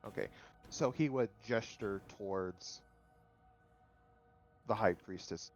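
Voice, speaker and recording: A man voices his character in a tabletop game with courteous, measured speech. His voice sits low and comes through a dull, muffled mic, with faint music behind. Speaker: player. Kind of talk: tabletop role-play, in and out of character.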